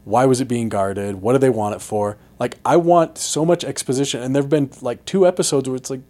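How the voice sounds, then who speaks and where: Podcast co-host, male, mid-pitched voice, emphatic opinions, lively banter. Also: a little fast. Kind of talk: casual chat.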